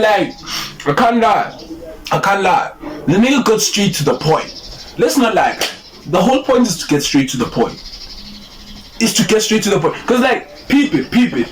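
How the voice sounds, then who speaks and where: A man giving animated reaction commentary on videos, laughing and exclaiming a lot. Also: fairly high pitch. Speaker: reaction streamer.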